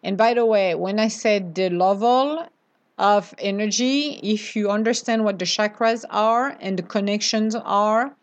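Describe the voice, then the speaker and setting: A woman giving a casual, animated spiritual talk, dropping in playful asides. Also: mid-range voice, a little slow. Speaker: spiritual speaker.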